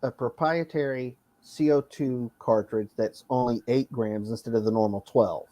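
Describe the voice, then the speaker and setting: A man's voice: mid-range voice, normal speed, warm tone, no echo. A man in a casual panel chat, explaining things in detail and often restarting his sentences.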